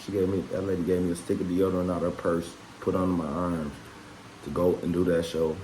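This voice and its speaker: A man's voice: low voice, flat delivery, fast talker, slight background noise, rough recording. A man telling a personal story straight to the camera in a rambling, profane, casual way, peppering his talk with "man" and "you know what I'm saying". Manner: gets louder and more worked up when telling of the fight. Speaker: vlogger.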